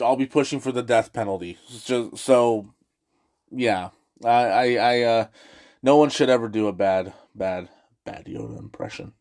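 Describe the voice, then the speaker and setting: Fairly high-voiced guy raving about an old movie, swears a lot, trips over his words. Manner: excitable, gushing, swears freely, lots of restarts. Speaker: movie review host. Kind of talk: casual movie review.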